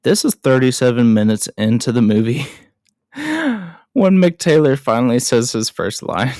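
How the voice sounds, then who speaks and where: A man's voice: mid-range voice, moderate pace, a little mellow, dry recording, studio quality. A man hosting a casual film recap, chatty and self-deprecating with frequent asides.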